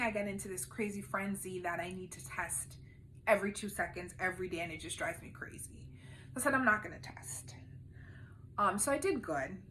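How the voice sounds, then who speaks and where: A woman speaks candidly to her camera at home, telling a personal story with raw emotion that often sinks quiet and subdued. Her voice is bright and clear. A faint hum of room ambience sits behind her. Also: mid-range voice. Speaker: vlogger.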